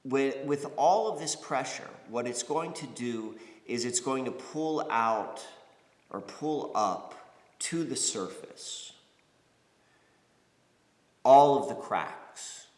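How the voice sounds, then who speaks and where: A man's voice: mid-range voice, animated, slow pace, darkish tone. A man from the United States giving a casual spiritual talk, rambling with many fillers, restarts and "you know"s. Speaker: spiritual podcast host. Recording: roomy reverberant space.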